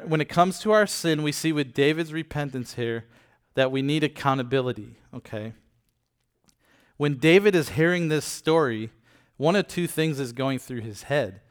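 A man's voice: a little high, normal speed, clean tone. A man giving a casual Bible teaching, retelling scripture in everyday words and checking in with listeners. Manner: addresses listeners with frequent "okay?" and "right?". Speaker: preacher.

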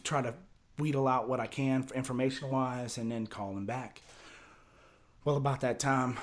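A man telling a wild story in casual talk, rambling and profane with lots of fillers and restarts. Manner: drops low and quiet for tense parts, gets loud and high for excited quotes. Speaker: storyteller guest.

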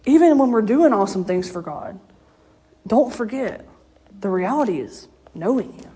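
Husky woman preaching. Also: fairly high pitch, animated, normal speed, warm tone. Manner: conversational storytelling, laughs often. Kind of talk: informal sermon.

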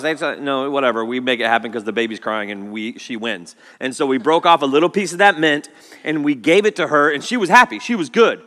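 Pastor guy in his 30s preaching, kinda high voice, acts out the stories. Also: fairly quick. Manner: animated storytelling with acted-out quotes. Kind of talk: sermon. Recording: long hall reverb.

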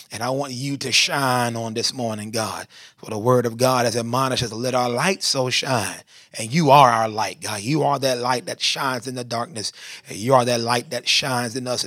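A man preaches and prays from the pulpit. His voice sits at a middle pitch and swells into emphatic bursts. The recording is dry, with little room sound. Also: fairly bright tone, no room sound. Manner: rising to emphatic bursts, reverent. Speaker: pastor. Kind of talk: sermon and prayer.

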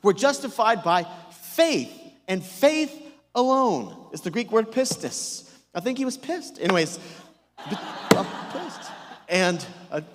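High-voiced pastor guy preaching on stage, asks the crowd stuff, cracks jokes, big echoey church hall. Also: big pitch swings, slow, a little hiss or hum. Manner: emphatic, call-and-response questions, joking asides. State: sick, voice strained. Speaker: senior pastor. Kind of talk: sermon.

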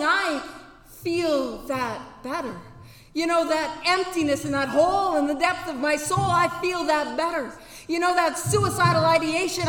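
A woman with a very high, fairly bright voice gives a candid recovery testimony at a banquet, earnest and direct, now and then erupting into sudden whoops. The banquet hall is echoey, with a long reverb.

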